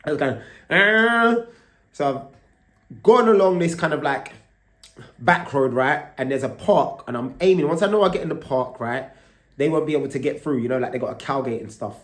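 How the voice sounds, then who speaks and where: A man's voice: medium pitch, lively intonation, fairly quick, echoey room. A man, telling a story to his vlog camera in a loose, casual way. He swears freely and keeps tagging lines with "right?". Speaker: vlogger.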